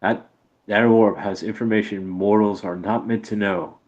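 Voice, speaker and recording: A man voicing a grave, ancient male druid who speaks slowly and portentously. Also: fairly low pitch, fairly even intonation, darkish tone, highs cut off, natural voice. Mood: ominous.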